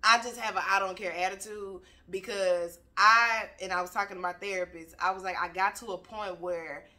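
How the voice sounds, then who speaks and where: Bright-voiced blunt motivational woman. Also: mid-range voice, steady tone, normal speed. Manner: blunt, preachy, swears freely. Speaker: motivational speaker. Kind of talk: candid motivational talk. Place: home, on a couch.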